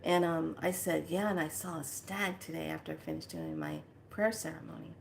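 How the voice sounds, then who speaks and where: A woman vlogger telling a casual story in an animated way, laughing often. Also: deep voice, normal speed, vocal fry, a little hiss or hum. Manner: animated, laughing, squeals in quoted lines. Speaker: spiritual vlogger.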